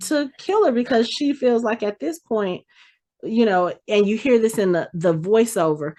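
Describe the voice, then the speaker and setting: A woman's voice: fairly high pitch, normal speed, dark tone. A woman hosting a podcast, animatedly retelling a TV episode and acting out the characters' lines. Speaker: podcast host. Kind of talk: casual episode recap.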